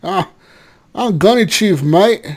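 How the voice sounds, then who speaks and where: A man's voice: sits high, lively intonation, slow, pitched above the performer's own voice, heavily acted. A man putting on a rowdy drunk Aussie bloke. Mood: boisterous. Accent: put-on Australian. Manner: loud, laughing, crude.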